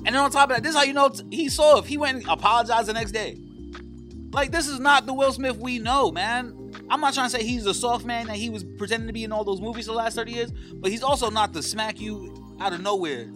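A high-pitched man hosts a podcast and launches into a profane, animated comedic rant. Music plays clearly underneath his voice. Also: fast. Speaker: podcast host.

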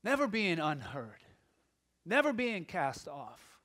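A middle-aged man preaching a sermon, moving from quiet, musing talk to loud, impassioned passages. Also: fairly high pitch, huge pitch swings, slow. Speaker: pastor.

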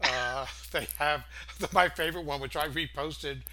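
A man's voice: fairly high pitch, a little slow, sharp tone. An older man co-hosting a casual chat, chuckling often and hesitating with many fillers. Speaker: co-host.

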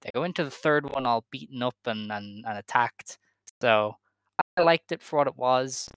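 Man, podcast co-host, recapping matches, relaxed and hesitant, mid pitch, dry close sound. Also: normal speed, clear, resonant tone, dry recording. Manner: easygoing, hesitant with many fillers. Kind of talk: casual chat and match recaps.

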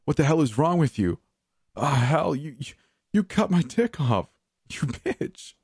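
Man playing a brutish convict, crude, leering, deep voice, dry recording. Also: moderate pace, a little mellow, no echo. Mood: panicked screaming. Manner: crude and leering, turns to shrill screaming. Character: brutish male prisoner, crude, leering then panicked. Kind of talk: audiobook character voice.

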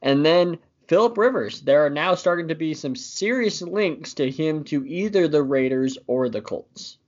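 A man's voice: on the high side, expressive, moderate pace, a little mellow, dull audio. A young man co-hosting a casual sports podcast, easygoing and teasing as he runs through news items. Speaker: podcast co-host.

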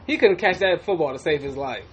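A man co-hosting a podcast in casual banter, profane and animated, often laughing and acting out quotes from others. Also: on the high side, fairly quick, slight background noise. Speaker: podcast co-host.

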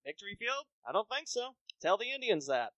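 A man's voice: high voice, sing-song, fairly bright tone, dry recording, lo-fi sound. Man hosting a podcast, brief asides. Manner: brief backchannel, quick asides. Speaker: podcast host. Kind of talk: casual chat.

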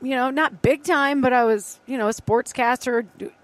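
A woman's voice: high-pitched, normal speed, no room sound. A woman who was a sportscaster, chatting as a guest on a sports podcast and often laughing at herself. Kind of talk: casual sports talk.

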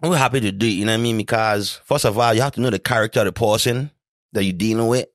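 A man's voice: on the low side, fast, no echo, clean studio sound. A man hosting a casual chat, laid-back and swearing freely as he tells stories. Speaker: podcast host.

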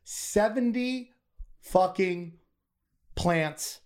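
A man in his forties, a comedian hosting a podcast, arguing loudly in casual debate and swearing often. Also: high-pitched, extremely slow. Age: 40s. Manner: loud, argumentative, profane, interrupting.

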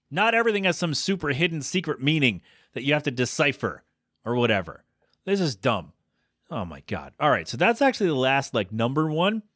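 Man, podcast host, casual solo commentary, exasperated ranting, mid pitch, dry close sound. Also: fairly bright tone, dry recording. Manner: exasperated ranting, pitch climbing when worked up; conversational with frequent fillers and self-corrections.

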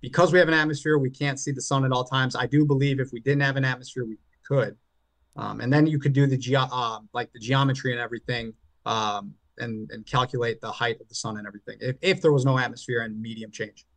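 A man arguing his side in an online debate, halting and often restarting his words. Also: mid-range voice, fairly even intonation, no room sound. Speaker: flat earth debater.

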